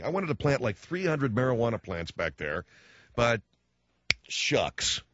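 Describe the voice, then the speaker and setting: A man's voice: medium pitch, animated, normal speed, a bit bright, no room sound, highs cut off. A middle-aged man hosting a radio talk show, rambling wryly in a casual monologue. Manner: rambling, wry.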